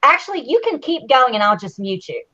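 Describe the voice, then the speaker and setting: Woman co-host, lively joking banter, higher voice, dull lo-fi sound. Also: fairly quick. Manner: animated, jokey, mimics houseguests. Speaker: podcast co-host. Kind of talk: casual live-stream chat. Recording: muffled lo-fi audio.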